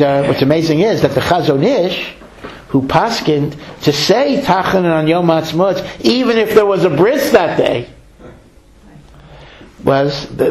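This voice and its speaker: A man giving a storytelling sermon, lively, slowing to stress key lines and acting out the voices he quotes. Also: fairly high pitch, vocal fry, rough recording. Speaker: rabbi.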